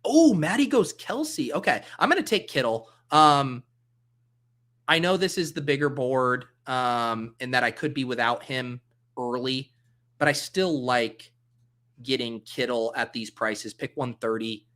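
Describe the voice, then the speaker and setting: A man's voice: mid-range voice, fairly even intonation, unhurried, pushed and bright. A man hosting a casual livestream, thinking aloud as he drafts and answering chat comments in a loose, joking way. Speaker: livestream host drafting fantasy football.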